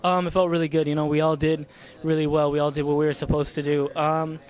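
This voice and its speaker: A man's voice: on the high side, level tone, quick pace, a little mellow. A young man, an athlete, talking casually in an interview with many "like"s and "you know"s. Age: young adult. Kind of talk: post-competition interview.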